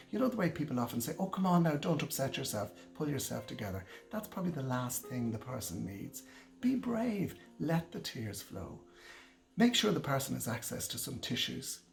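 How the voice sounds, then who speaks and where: Gravelly-voiced gentle male care trainer. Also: mid-range voice. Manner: gentle, reassuring, encouraging. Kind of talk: instructional talk to camera.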